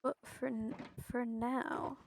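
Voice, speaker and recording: A woman's voice: fairly high pitch, flat delivery, takes it slowly, creaky, noisy background. A young woman streaming a building game, thinking aloud in a hesitant way and chatting to her viewers. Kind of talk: casual commentary while playing a building game.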